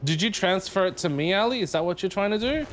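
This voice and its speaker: A man's voice: sits high, lively intonation, fast talker, fairly bright tone, slight background noise. A man streaming a game live, chatting casually and playfully with viewers and humming tunes between remarks. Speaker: livestreamer.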